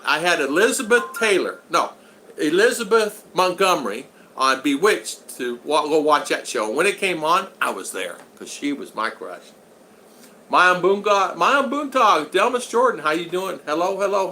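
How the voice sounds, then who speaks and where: Rambling and joking in folksy style, a sixties-aged channel host reads viewer comments on his casual livestream. He sounds a little high and sharp, with big pitch swings at a moderate pace, on a low-quality recording carrying some hiss or hum.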